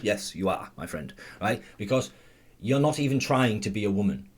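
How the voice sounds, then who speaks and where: A man's voice: on the low side, expressive, normal speed, breathy edge. Blunt, sarcastic male commentator. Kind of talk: ranting commentary.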